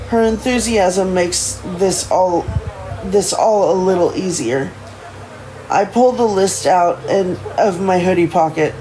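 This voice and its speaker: Casting note: casual livestream reader of a first-person novel, mid-pitched, frequent slips. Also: slow, dark tone, slight background noise, low-quality recording. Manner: stumbling first-person narration with frequent self-corrections. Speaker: streamer reading a book aloud. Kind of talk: reading a novel aloud on a livestream.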